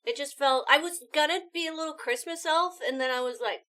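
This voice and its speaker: Bubbly and full of excitement, a high-voiced woman talks with her live-stream audience and quickly thanks anyone who chips in.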